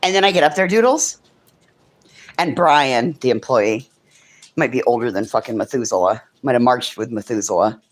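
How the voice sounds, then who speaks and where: Very low-voiced chatty woman. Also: expressive, normal speed. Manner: chatty storytelling, swears freely; coos softly over a child's craft. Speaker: livestream host. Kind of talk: casual livestream chat.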